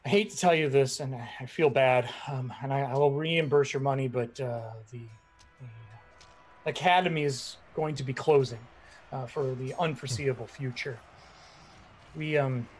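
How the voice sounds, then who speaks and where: A man's voice: mid-range voice, lightly acted. A man voicing an older dwarf arena owner who stammers apologetically in a tabletop game.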